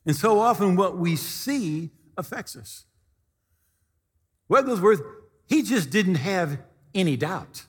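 A male pastor preaching a sermon, telling stories with animated delivery and shouting the quoted lines. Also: high-pitched, slow, long pauses, long reverb tail.

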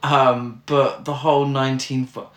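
A man's voice: mid-range voice, level tone, measured pace. A British man picks apart a film in casual, exasperated chat, swearing as he goes. A roomy echo hangs on his voice. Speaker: podcast co-host.

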